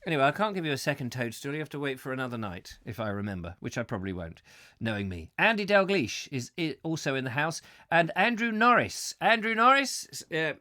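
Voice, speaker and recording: Lively, rambling English male chat host. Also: a little high, fairly quick. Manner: rambling, jokey, does silly voices. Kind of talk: live comic chat show.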